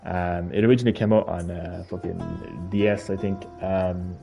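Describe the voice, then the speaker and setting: A man's voice: deep voice, fairly even intonation, normal speed, gravelly. A man streaming a video game, chatting casually, ranting and swearing in a mock-outraged way. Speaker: gaming streamer. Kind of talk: casual live-stream chat. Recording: game music faint behind.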